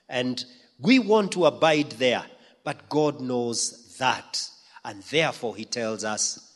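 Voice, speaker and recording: Emphatic preacher in a reverberant hall. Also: male voice, medium pitch, very animated, takes it slowly, slightly rough. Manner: emphatic, swings from loud to soft. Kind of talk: sermon.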